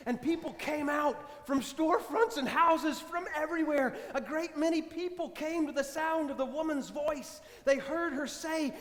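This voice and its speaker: A man, a priest, preaching a sermon as a slowly told story, dropping soft for dramatic moments. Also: very high voice. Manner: slow, measured storytelling with soft dramatic drops. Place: church. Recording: echoey church with long reverb.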